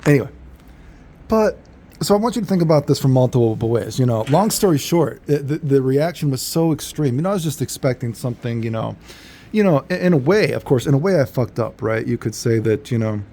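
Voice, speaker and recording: Man, casual storytelling vlog, gravelly, dark mellow tone, rambling. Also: medium pitch, lively intonation, a little fast, slight background noise. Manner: rambling, laid-back, many fillers and self-corrections. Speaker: vlogger.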